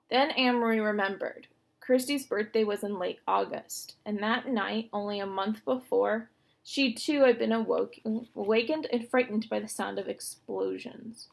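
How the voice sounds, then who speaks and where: A woman reading a children's novel aloud with expressive narration. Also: medium pitch, moderate pace, vocal fry. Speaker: reader. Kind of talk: storybook read-aloud.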